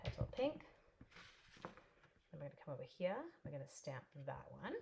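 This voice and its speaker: A woman's voice: low voice, very animated, moderate pace, gravelly, warm tone. Chatty woman doing a crafting demo. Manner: chatty, bubbly, tells stories and laughs. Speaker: papercraft demonstrator. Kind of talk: casual live crafting demo.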